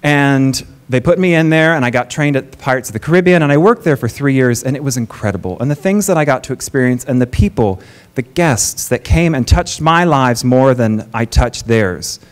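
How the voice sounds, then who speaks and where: A man's voice: mid-range voice, animated, moderate pace, clear, resonant tone. A man from Florida giving a conference presentation to an audience, telling personal stories with light jokes. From Florida, USA. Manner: personal, joking storytelling. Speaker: conference speaker. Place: conference stage before an audience.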